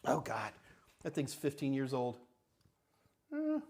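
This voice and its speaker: A man's voice: mid-range voice, wildly swooping pitch, takes it slowly, darkish tone. An older man hosting a live tech Q&A, answering chat questions in a blunt, emphatic, ranting way. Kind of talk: live Q&A stream.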